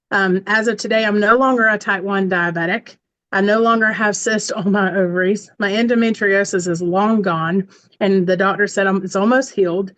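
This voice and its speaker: An earnest woman in her forties tells her own story in a heartfelt, encouraging way. Her voice sits at a middle pitch, and she speaks straight from the heart to her listeners. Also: fairly bright tone, poor audio. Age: 40s. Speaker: community member sharing testimonial. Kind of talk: heartfelt personal testimonial.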